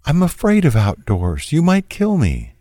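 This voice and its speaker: A man's voice: on the high side, wildly swooping pitch, a little slow, warm tone, no echo, clean studio sound, voice pushed up, exaggerated voice. A man voicing a frightened, submissive young woman with a timid, pleading, apologetic manner, in a read-aloud true crime story. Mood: fearful pleading.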